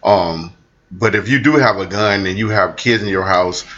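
Guy hosting, low voice, earnest advice, muffled recording. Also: moderate pace, bright, forceful tone. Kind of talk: casual podcast chat. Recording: dull lo-fi audio.

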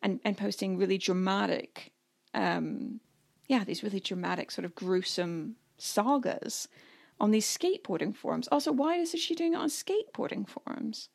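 Thirties woman from Canada, gravelly fry, animated and chatty podcast co-host. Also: mid-range voice, moderate pace. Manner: chatty and animated, often laughing. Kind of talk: casual storytelling chat.

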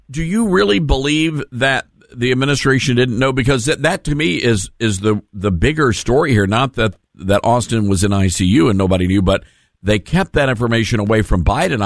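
A man hosts a talk radio show in a dry, close studio sound. He is fighting off the flu, so his voice is a little froggy, and he talks in a folksy, joking storyteller's way with middle pitch. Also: expressive, a little fast, no room sound. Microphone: studio mic.

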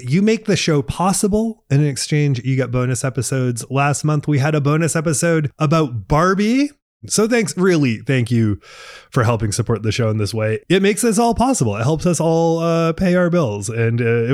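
A man co-hosting a podcast about movies and feelings, talking in a relaxed, chatty way with filler words. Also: on the high side, no room sound, studio quality. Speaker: podcast co-host. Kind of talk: casual podcast chat.

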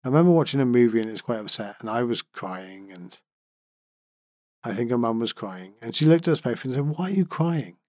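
A man's voice: mid-range voice, animated, brisk, mellow, dry recording, clean studio sound. A middle-aged man hosts a reflective podcast monologue, talking in an earnest, heartfelt, musing way. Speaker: podcast host.

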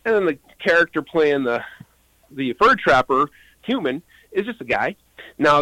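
A man's voice: mid-range voice, a bit bright, dry recording, low-quality recording. A man who is a puppeteer and show creator, explaining his work earnestly and enthusiastically as an interview guest.

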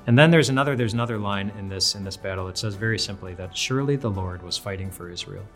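Earnest low-voiced male preacher. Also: fast talker, fairly bright tone, faint music behind. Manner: earnest, restarts phrases often. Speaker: pastor. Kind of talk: devotional sermon.

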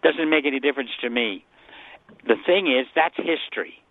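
A man's voice: medium pitch, normal speed, dry recording. Man, guest scholar, call-in radio, earnest explaining, tinny phone line, dry. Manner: earnest, explanatory, repeats himself. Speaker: guest Bible scholar answering callers.

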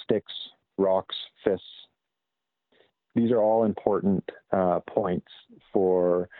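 A lowish male voice comes through a tinny, phone-like line with a dry, close sound. He is a Canadian guest in a casual interview, speaking in a measured way and often pausing on fillers and restarting his sentences. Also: fairly even intonation, no echo. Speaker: guest wildlife expert.

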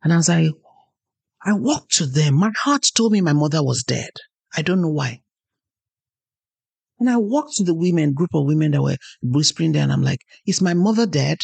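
A woman's voice: low-pitched, expressive, moderate pace, gravelly, pauses often, darkish tone, husky, no echo. A woman hosting a podcast, giving an earnest motivational talk and telling personal stories. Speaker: podcast host.

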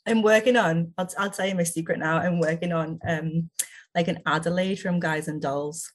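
A woman's voice: on the low side, steady tone, normal speed. A woman improv performer being interviewed, chatting eagerly and laughing often. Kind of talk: casual chat.

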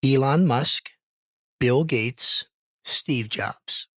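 A man's voice: medium pitch, extremely slow, fairly bright tone, dry recording. Man teasingly running a podcast quiz. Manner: playful, teasing, quizzing. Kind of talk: casual chat.

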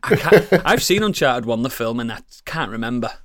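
A man's voice: medium pitch, expressive, normal speed, fairly bright tone, no room sound, clean studio sound. A man with a Yorkshire accent co-hosting a casual podcast chat, laughing often and swearing freely. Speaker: podcast co-host.

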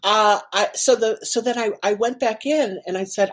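A woman's voice: lowish voice, normal speed, hardly any pauses, husky. A woman guest in an interview, telling a personal story animatedly with many fillers. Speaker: guest, organization president.

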